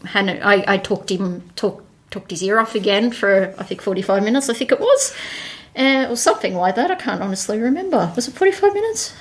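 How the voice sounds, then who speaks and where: A woman, a podcast guest telling a personal story in a casual, animated way. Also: medium pitch, a little fast. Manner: animated, acts out quoted dialogue.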